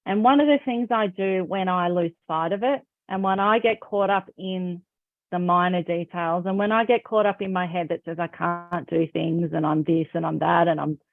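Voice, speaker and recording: A woman's voice: lowish voice, dry recording. Woman coach, upbeat and emphatic, pushing you to act, tinny call audio. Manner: encouraging, emphatic. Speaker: confidence coach. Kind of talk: motivational talk. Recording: phone-like narrow sound.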